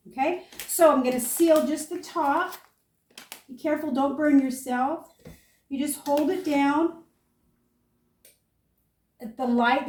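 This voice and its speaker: An older woman homesteader, chatting through a food-storage demonstration and telling stories in a lively, animated way. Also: high-pitched, reverberant, distant mic, slight background noise. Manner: chatty, animated storyteller, talks viewers through each step. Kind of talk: casual how-to and storytelling.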